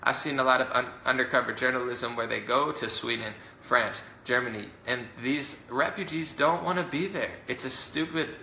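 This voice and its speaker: A man speaks in a gravelly, sharply bright and forceful voice as he rants against his political opponents. He talks indignantly and quickly, piling up fillers and mocking the other side. The room around him is roomy and echoey. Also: mid-range voice, a little hiss or hum. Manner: rapid, indignant, mocks opponents in put-on voices. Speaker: political commentator. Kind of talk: heated political rant to camera. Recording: roomy echo.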